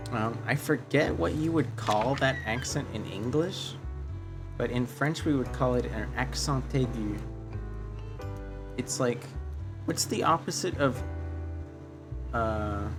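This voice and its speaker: Unhurried male streamer, rambling and chatty, over background guitar music. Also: medium pitch. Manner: rambling, thinking aloud, self-repeating. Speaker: livestreamer. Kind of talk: casual game streaming, reading chat aloud. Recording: guitar music playing under voice.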